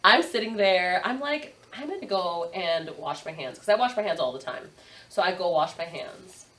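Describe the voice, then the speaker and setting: A woman's voice: fairly low pitch, animated, moderate pace, a bit bright, recorded from a distance. A young adult woman, a podcast guest, telling a story in casual chat, swearing and laughing often. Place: podcast studio.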